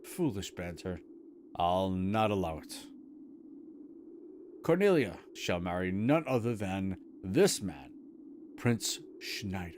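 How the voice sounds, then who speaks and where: A man's voice: deep voice, very animated, slow pace, pauses often, a little mellow, a little hiss or hum, pitched below the performer's own voice, full character voice. A man voicing a stern, proud old king in a stage play, with pompous old-fashioned speech over game music.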